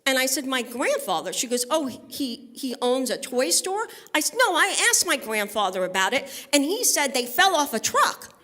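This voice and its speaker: A woman from Brooklyn performs stand-up on a live studio stage. Her voice sits a little on the high side. She is brassy and conversational, and she keeps checking in with the crowd. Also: big pitch swings, moderate pace, hardly any pauses, pushed and bright. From Brooklyn, New York. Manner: brassy, conversational, banters with the audience. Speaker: stand-up comedian. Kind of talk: stand-up comedy set at a benefit concert.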